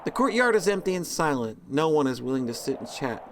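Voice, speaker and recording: A man's voice: a little high, big pitch swings, fairly quick, fairly bright tone, slight background noise. A man reading a visual novel's text aloud, breaking off for sarcastic, joking commentary. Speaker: let's play host.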